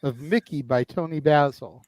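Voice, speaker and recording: Blunt, swearing karaoke host. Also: male voice, fairly high pitch, moderate pace, darkish tone, dry recording. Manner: blunt, profane banter. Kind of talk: casual chat.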